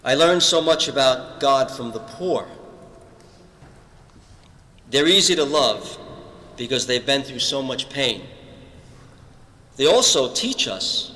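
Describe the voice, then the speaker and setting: This man's mid-range voice sounds pushed and bright, with lively intonation, a slow pace and frequent pauses. Speaking as a panelist, he delivers an earnest testimony of life stories, performing the quotes of others in the conversations he recounts. The hall is echoey, with long reverb.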